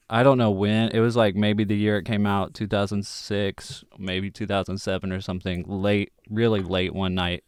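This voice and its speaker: A man's voice: on the low side, clear, resonant tone, no echo, studio quality. A man hosting a podcast in casual chat, easygoing, laughing often and using many fillers. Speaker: podcast host.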